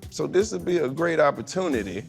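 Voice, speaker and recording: A man with a lively, swooping voice and a gravelly edge, chatting as a podcast co-host. He teases his guest and hollers in delight, and there is faint music under him. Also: fairly high pitch, fairly quick. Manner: animated, teasing, hollers in delight. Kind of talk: casual chat.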